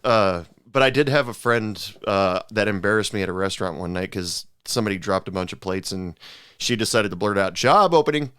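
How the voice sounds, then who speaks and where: Podcast host guy, lowish smooth voice, dry close mic, lots of uhs. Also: no echo. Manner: relaxed, halting, many fillers and restarts. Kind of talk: casual chat.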